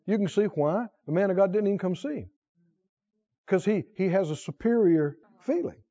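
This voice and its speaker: A man's voice: high-pitched, expressive, moderate pace, warm tone, lo-fi sound. A male preacher delivering a sermon, talking with animation, questioning the crowd and laughing now and then.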